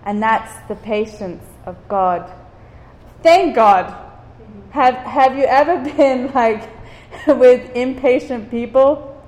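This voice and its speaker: Slow-talking woman teaching the Bible. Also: high-pitched, a little mellow, in a large hall. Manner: conversational, checks in with "okay?", laughs at own stories. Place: room with a small group.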